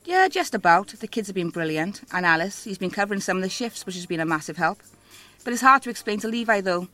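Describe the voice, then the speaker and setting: Quick-talking, bright-voiced middle-aged woman, forthright. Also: mid-range voice, animated. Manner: forthright, motherly. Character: determined middle-aged woman cafe owner. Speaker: cafe owner.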